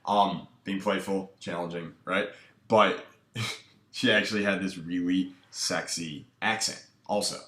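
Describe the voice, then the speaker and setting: Male dating coach, low voice, relaxed commentary, echoey room. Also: unhurried. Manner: laid-back, filler-heavy, with many "um" and "like". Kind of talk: casual commentary breaking down footage.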